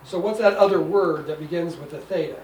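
Older man in his 60s, patient teacher with dry jokes; fairly high voice, echoey room, mic far away. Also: brisk, a little mellow. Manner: patient, explanatory, wry asides. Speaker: Greek teacher. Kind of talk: classroom lesson. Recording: echoey room, distant mic, faint noise.

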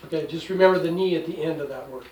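A man's voice: a little high, very fast, a little mellow. A man in his sixties teaching a classroom lesson, explaining patiently with wry asides. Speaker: Greek teacher. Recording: echoey room, distant mic, faint noise.

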